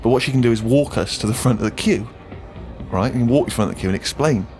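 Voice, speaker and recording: A man's voice: mid-range voice, quick pace, a little mellow, faint music behind. A man on a podcast, telling a self-deprecating comic story full of hesitant fillers. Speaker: podcast co-host.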